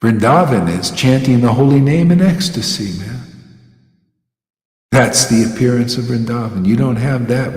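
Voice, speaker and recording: A man's voice: mid-range voice, measured pace. Man preaching in an echoey room. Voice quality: animated, scornful, mocking quacks, laughs often. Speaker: spiritual teacher. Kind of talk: informal devotional sermon. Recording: echoey room with long reverb.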